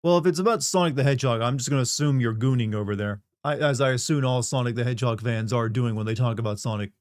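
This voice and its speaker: A man's voice: medium pitch, fast talker, no echo. Young male streamer, rambling profane banter with chat, dry close mic. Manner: rambling, profane and joking, chatting with viewers. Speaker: game streamer. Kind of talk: casual live-stream chat.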